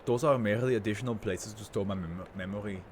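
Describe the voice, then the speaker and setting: A man's voice: lowish voice, fast talker, a little hiss or hum, lightly acted. A man voicing an arrogant male tycoon who is a brain in a jar, speaking in a grandiose, contemptuous way. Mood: haughty.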